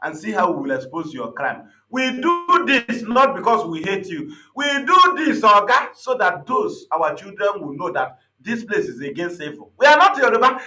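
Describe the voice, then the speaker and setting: A man's voice: high-pitched, sing-song, moderate pace, few pauses, bright, forceful tone. A man with a Nigerian accent delivering an impassioned, combative political broadcast, mocking and repeating his points. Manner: fiery, combative, repetitive, mocking. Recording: roomy echo.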